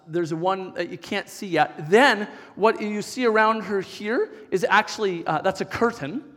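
A middle-aged male pastor with a notably high voice, telling stories from the pulpit in a lively, chatty way and often restarting his sentences. His voice rings out with a long reverb, as if it is filling a church hall. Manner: animated, chatty storytelling with many restarts. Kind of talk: storytelling sermon.

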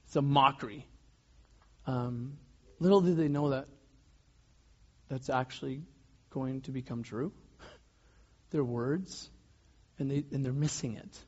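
A man preaching a sermon as pastor, in a loose conversational way with restarts and soft laughs. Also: medium pitch, fairly even intonation, measured pace. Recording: dull lo-fi sound.

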